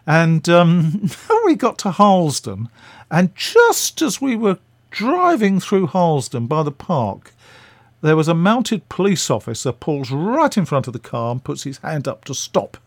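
An older man, a radio guest, telling anecdotes in a chuckling, lively way and acting out the scenes. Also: fairly high pitch, a little slow, no room sound. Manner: chuckling, lively storyteller who acts out scenes. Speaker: interview guest. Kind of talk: anecdotal storytelling.

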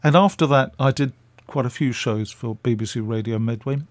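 A man's voice: mid-range voice, normal speed, dry recording. An older man from England, a radio interview guest, telling chatty stories with fillers.

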